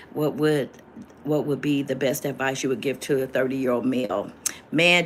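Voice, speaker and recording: A woman's voice: a bass voice, a little hiss or hum. An older woman in her sixties, chatting casually on a livestream as host, reading viewers' comments aloud and answering them.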